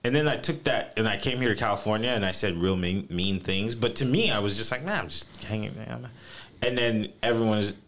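A man with Caribbean roots from the East Coast, chatting casually on a podcast, telling funny stories and mimicking people in sudden high voices. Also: fairly quick. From Caribbean roots, raised on the US East Coast. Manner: animated, laughing storyteller who jumps into high mimic voices. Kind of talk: casual chat.

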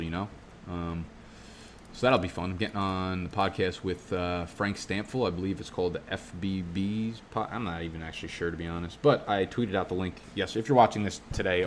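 A young man with a very low, deep voice chats through a fantasy draft in a loose, rambling way. He swears often and keeps drifting off on tangents. Faint background noise sits under the recording. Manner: rambling, profane, goes off on tangents. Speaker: fantasy football YouTuber. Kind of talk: casual vlog commentary while drafting.

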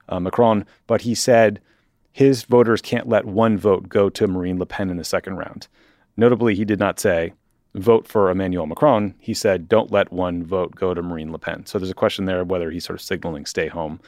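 A man's voice: low-pitched, darkish tone, no room sound, studio quality. A man hosting a podcast, giving opinionated news commentary with wry asides and frequent ums and uhs. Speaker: podcast host.

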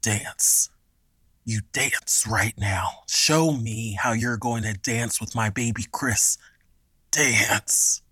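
A woman voicing a crazed middle-aged father who talks in a hoarse whisper in a horror story. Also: a bass voice, extremely slow, bright, forceful tone, no echo, pitched below the performer's own voice, exaggerated voice. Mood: menacing.

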